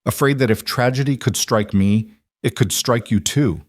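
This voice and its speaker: A man's voice: medium pitch, moderate pace, no echo, clean studio sound, voice pushed up, natural voice. A man voicing a grieving widow who speaks firmly and pleads, raising her voice. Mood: firm, hurt. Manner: raised voice, pleading then defiant. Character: grieving widow, proud and firm.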